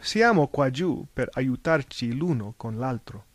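A man voicing a kindly older Italian man, speaking gently and reassuringly. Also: medium pitch, animated, moderate pace, no room sound, lightly acted. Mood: gentle.

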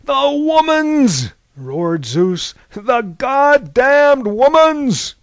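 A man voicing Zeus, a thundering old king of the gods who roars his words slowly, in a dry recording. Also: a little high, no room sound. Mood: roaring. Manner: roaring, slow and emphatic.

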